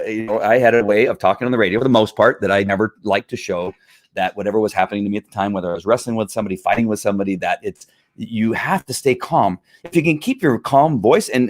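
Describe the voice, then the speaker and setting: A middle-aged man, a former police officer, hosting his own show and talking casually in a frustrated, emphatic rant. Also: lowish voice. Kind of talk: casual livestream commentary.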